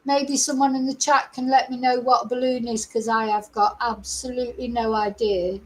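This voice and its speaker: A woman's voice: a little high, little pitch movement, normal speed, rough recording. An older woman hosting a true crime live stream, talking in a chatty, exasperated and rambling way with frequent asides. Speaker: true crime channel host. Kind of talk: casual live-stream commentary.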